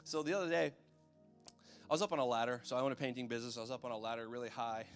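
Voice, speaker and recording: Male preacher, easygoing and chatty, mid pitch, soft music bed. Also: steady tone, rapid-fire. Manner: conversational, checks in with the audience. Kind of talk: sermon.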